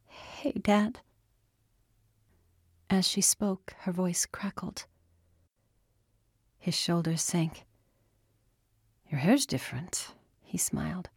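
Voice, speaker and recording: A woman narrating a novel aloud in a quiet, measured, soft delivery. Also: on the low side, dry recording, clean studio sound. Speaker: audiobook narrator.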